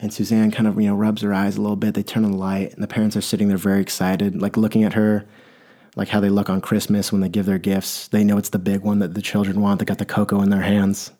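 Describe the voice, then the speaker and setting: Low, mellow-voiced comic storyteller man. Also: monotone, fast. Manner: rambling storyteller, wry asides. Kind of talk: comedic monologue.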